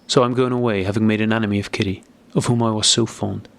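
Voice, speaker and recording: A tearful, agitated young noblewoman pleads anxiously from a storybook, as a low-voiced man reads her part. The voice carries a gravelly texture underneath. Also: fairly even intonation, fast talker. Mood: rueful.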